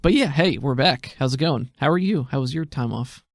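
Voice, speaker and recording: A man's voice: medium pitch, lively intonation, brisk, dry recording. A man narrating as game master in a tabletop game, with playful, descriptive banter.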